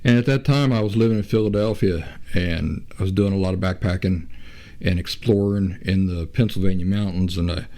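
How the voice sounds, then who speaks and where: A man hosting his own show, talking in a reflective, unhurried way with frequent restarts and pauses. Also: deep voice, mellow. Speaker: podcast host. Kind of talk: reflective casual talk.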